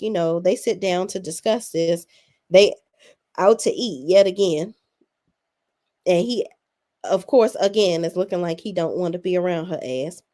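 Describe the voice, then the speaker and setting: A woman's voice: lowish voice, warm tone. A young adult woman hosting a casual recap, blunt, sassy and full of swearing. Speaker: reality TV recap host.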